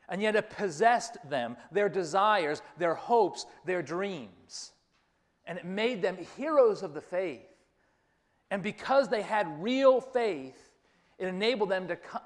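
A man preaching a sermon, telling a story and repeating key phrases for emphasis. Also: high voice. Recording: long reverb of a large hall.

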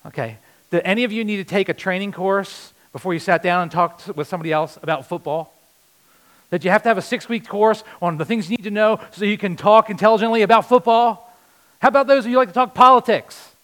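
A man preaching a sermon as pastor, swinging from loud punchy lines to hushed, earnest ones. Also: high voice, fast.

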